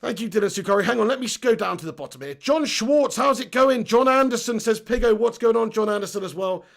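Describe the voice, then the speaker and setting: A man hosts a live stream, reading out viewer comments and ranting with animated energy and frequent laughter. His voice is strongly gravelly and sits fairly high for a man. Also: fast talker. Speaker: host of a football fan channel.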